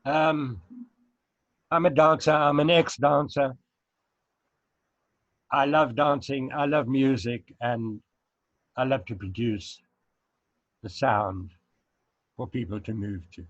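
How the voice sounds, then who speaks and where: Male interview guest, halting and chuckly, dry dull call audio. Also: medium pitch, fairly even intonation, no echo. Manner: halting, searching for words, chuckling. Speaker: dance DJ and former dancer, guest. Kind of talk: casual interview answers.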